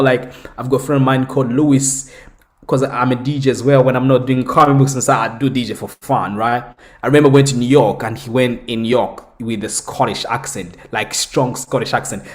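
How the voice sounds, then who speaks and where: Man, young adult, from the Congo, comic book creator, casual interview, animated storytelling, frequent restarts, mid pitch. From Democratic Republic of the Congo.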